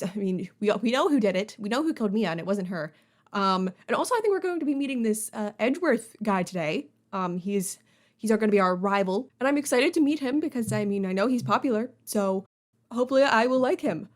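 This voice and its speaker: A young woman chatting casually and rambling with lots of fillers as she plays through a game. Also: on the high side. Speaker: let's play host.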